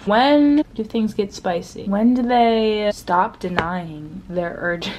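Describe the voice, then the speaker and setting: A woman's voice: mid-range voice, slow pace, background noise. A young woman chatting through her reactions to a book as she reads it, sometimes dropping to a whisper and swearing freely. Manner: chatty, frequent swearing, excitable, drifts to soft whispers. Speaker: book vlogger. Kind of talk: casual reading reactions to camera.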